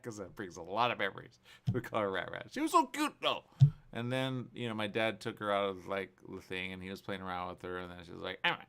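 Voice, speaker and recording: In a studio, a man hosts a morning talk show, chatting casually and spinning rambling, animated stories full of playful what-ifs. His low-pitched voice is clear and resonant.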